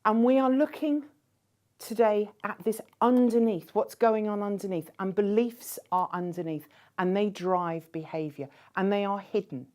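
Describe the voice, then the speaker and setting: A woman giving a conference keynote speech in a measured way, posing rhetorical questions to the audience. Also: mid-range voice, a little mellow. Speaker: keynote speaker.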